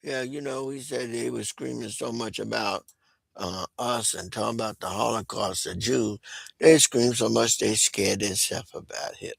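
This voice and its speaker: A man ranting casually on a call, laughing often, swearing freely, and swinging from low mutters to loud outbursts. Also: normal speed, vocal fry, slightly rough, no room sound. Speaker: commentator.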